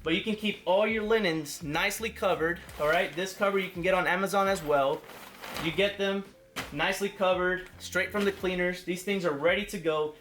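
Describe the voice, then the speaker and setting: A man's voice: high-pitched, moderate pace, a bit bright, slight background noise. A man showing gear and explaining it in a casual how-to walkthrough, often ending his points with "okay?". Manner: instructive, ends points with "okay?". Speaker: party rental business owner. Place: warehouse.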